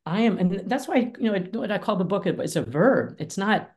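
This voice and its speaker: A woman's voice: medium pitch, lively intonation, brisk, a little mellow. A middle-aged woman mediator talking in an emphatic, punchy way in a conversational interview, acting out quoted speech. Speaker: mediator and author, guest.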